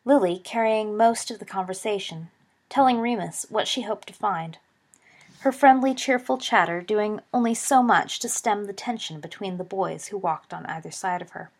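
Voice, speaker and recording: A woman's voice: mid-range voice, normal speed. Woman narrating a story. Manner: steady storytelling with voiced dialogue. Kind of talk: audiobook reading of a fan story.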